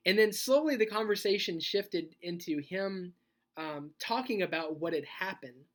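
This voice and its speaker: A man speaking as a youth pastor in a sermon video. He talks in a conversational, animated way and tells a personal story, laughing as he goes. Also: high-pitched, moderate pace. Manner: conversational, animated, laughs while telling stories.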